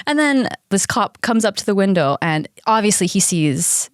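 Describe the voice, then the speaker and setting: A woman's voice: mid-range voice, sing-song, moderate pace, dry recording, studio quality. A woman in her thirties co-hosting a podcast, telling personal stories in a chatty way, laughing often and swearing casually. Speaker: podcast co-host. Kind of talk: casual storytelling chat.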